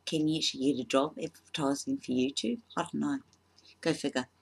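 A woman doing a casual comedy vlog, self-deprecating and halting with frequent ums. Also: low-pitched, fairly even intonation, creaky, breathy edge. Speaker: vlogger.

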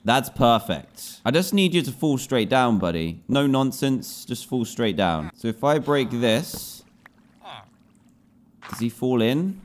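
A man's voice: medium pitch, big pitch swings, takes it slowly. A man giving gameplay commentary, scolding and pleading with the characters in his game. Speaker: gaming video host.

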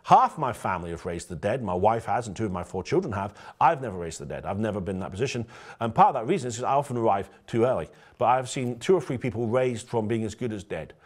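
A man's voice: lowish voice, fast. A man, a pastor, preaching a conversational sermon and telling stories directly to his congregation. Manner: storytelling, lively and direct, addresses the congregation.

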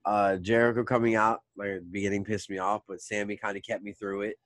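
A man co-hosting a casual podcast, ranting fast and swearing a lot. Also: on the low side, no room sound. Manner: animated, swearing, fast rants. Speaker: podcast co-host. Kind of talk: casual chat.

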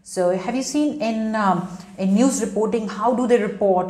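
Emphatic teacher, echoey room. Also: female voice, medium pitch, a little slow, darkish tone. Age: 30s. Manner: repetitive, emphatic, addresses students directly. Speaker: English teacher. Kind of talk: online spoken English lesson.

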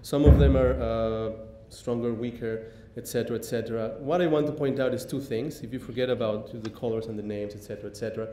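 A man giving a public lecture, pausing often with ums and restarting sentences. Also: fairly even intonation, warm tone. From Mexico. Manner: halting, many ums and restarts. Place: lecture hall. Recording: echoey hall, faint rumble.

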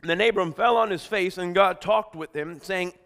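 A middle-aged pastor with a high-pitched voice at normal speed preaches an energetic, exhorting sermon. He calls out lines for the congregation to repeat and shouts emphatic points.

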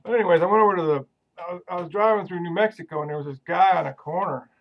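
A man rambles through a casual video message in a folksy, deadpan way. His voice is gravelly with plenty of fry and sits slightly high. The audio is dull and lo-fi. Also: very fast. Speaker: viewer sending a video question.

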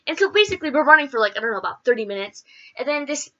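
Woman vlogger, lively swooping pitch, chatty rambling storyteller who acts out quotes. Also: very fast, lo-fi sound. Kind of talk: casual storytelling.

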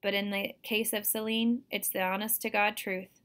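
A woman reading aloud, voicing an old country man who tells spooky tales in a slow, drawling way. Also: medium pitch, level tone, fairly bright tone, close to an everyday voice.

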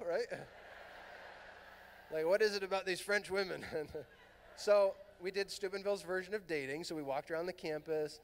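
A middle-aged man from Southern California telling a lively personal story at a youth conference, acting out the voices in his dialogue. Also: high voice, unhurried, pauses often, a little hiss or hum. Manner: animated, acts out quoted dialogue. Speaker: priest and conference speaker. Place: large fieldhouse hall. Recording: long hall reverb.

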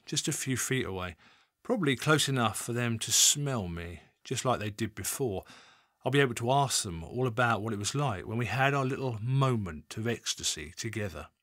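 A man reading an audiobook, voicing a smug, leering male criminal suspect who talks in a low, chatty, oily way. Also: expressive, normal speed, fairly bright tone, dry recording, studio quality.

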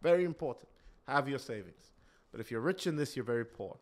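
A man preaching a sermon in an emphatic way, repeating key lines and swinging from loud declarations to hushed asides. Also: medium pitch, animated, brisk.

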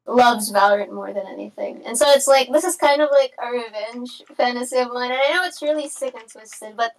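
A woman's voice: on the high side, a little fast, distant mic, lightly acted, low-quality recording. A woman voicing a distraught young woman patient, a jealous gamer girlfriend who rambles and curses nonstop, in an improvised comedy role-play. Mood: rambling. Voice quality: curses constantly, rambling and dramatic.

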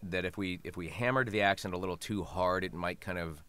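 A man's voice: low voice, a little fast, pushed and bright. A man talking as a voice actor guest in a casual interview, chatty and laughing often.

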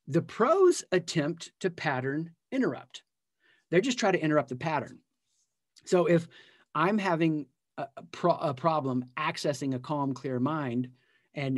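A man's voice: medium pitch, no room sound, studio quality. A man teaching a live personal growth session in an emphatic style, repeating key phrases and building energy as he goes. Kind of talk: live motivational teaching talk. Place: live community event.

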